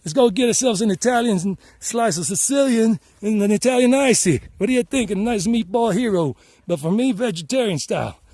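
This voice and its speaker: A man's voice: expressive, a little fast, hardly any pauses, no echo. Field notes: a man putting on a brash New York street guy. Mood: sarcastic banter. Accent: New York City. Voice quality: loud, sarcastic, high-pitched banter. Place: outdoors on a mountain trail. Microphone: handheld phone.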